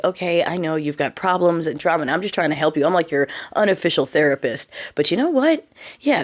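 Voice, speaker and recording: A woman in her forties telling a personal story in a casual vlog, candid, exasperated and animated. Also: sits low. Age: 40s. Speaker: vlogger.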